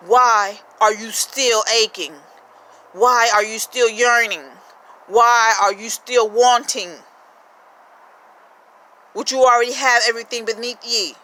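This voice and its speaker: A woman with a fairly high, bright and forceful voice delivers a rambling spiritual monologue to camera. She fires off rhetorical questions and peppers her talk with profanity. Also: rough recording. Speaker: spiritual vlogger.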